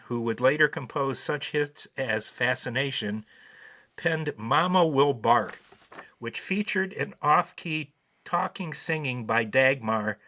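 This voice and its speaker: Bright-voiced man in his seventies. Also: mid-range voice. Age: 70s. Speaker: podcast host. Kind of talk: casual commentary reading notes.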